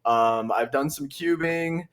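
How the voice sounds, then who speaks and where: A man's voice: on the high side, slow, a bit bright. A young man from the southern United States, co-hosting a podcast in a laid-back, slangy way with frequent laughs. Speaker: podcast co-host. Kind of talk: casual podcast chat.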